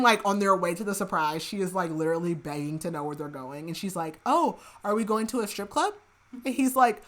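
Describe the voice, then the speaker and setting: Woman, podcast host, casual book recap, lower voice, rambling, lots of "like", soft murmured asides. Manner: rambling, heavy use of filler "like", chatty asides; laughs at her own remarks, drops to soft murmured asides.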